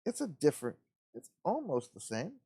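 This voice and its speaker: A man's voice: a little high, wildly swooping pitch, moderate pace, warm tone, slightly rough, dry recording, clean studio sound. A man hosting a live model-building stream, chatting casually and rambling to himself as he works, in an easygoing, folksy way. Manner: rambling, talks to himself while working.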